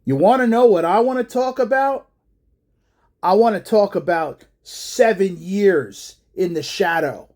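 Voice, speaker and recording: A man voicing a bitter male wrestling boss who rants and raises his voice to shouts. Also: high-pitched, animated, slow pace, exaggerated voice. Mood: bitter ranting. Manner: ranting, raising voice to shouts.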